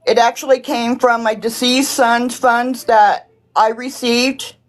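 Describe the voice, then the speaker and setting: A woman's voice: fairly high pitch, steady tone, slow, soft background music, poor audio. Aggrieved woman defending herself. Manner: aggrieved, insistent. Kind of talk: emotional defensive monologue.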